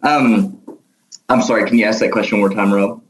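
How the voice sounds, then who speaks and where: A man's voice: fairly low pitch, fairly even intonation, a little fast, a crowd in the background. Hesitant Arkansas man in an echoey room. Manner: hesitant, many fillers and restarts, laughs easily. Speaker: guest, nonprofit founder. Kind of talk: casual interview.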